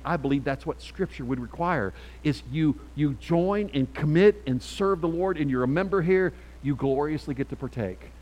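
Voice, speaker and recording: A middle-aged man preaching a sermon as pastor, emphatic and swinging from quiet asides to loud calls. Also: on the high side, rough recording.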